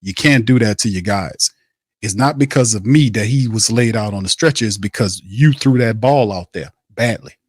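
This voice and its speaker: A man's voice: lowish voice, moderate pace, husky, dry recording. A man hosting a sports podcast, ranting in blunt, profane, repetitive bursts. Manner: fired-up ranting, repeats himself, blunt and profane. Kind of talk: heated sports commentary.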